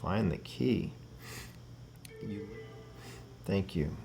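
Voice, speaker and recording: A man hosting a paranormal spirit-box session, earnestly and gently calling out names and passing on messages. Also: deep voice, lively intonation, extremely slow, vocal fry, loud music behind the voice.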